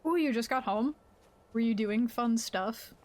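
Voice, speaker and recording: A woman live-streaming a game, chatting casually with her viewers in an excitable, laughing way. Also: a little high, measured pace. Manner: greets chat viewers mid-game.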